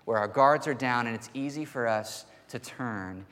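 Male pastor, earnest sermon, emphatic, drawn-out stressed words, mid-pitched voice, long echo of a hall. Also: a bit bright. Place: church hall. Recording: long reverb of a church hall.

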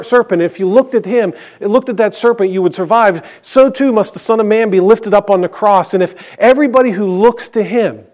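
A man preaching a sermon to his congregation, earnest, slowing down and dropping to a hush for emphasis, with light asides. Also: sits high. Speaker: pastor.

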